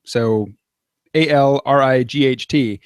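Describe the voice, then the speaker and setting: Measured American man, dry close sound. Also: mid-range voice, clear, resonant tone, no room sound. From United States. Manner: measured, explanatory, with hesitant fillers. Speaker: conversation partner. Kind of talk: casual chat.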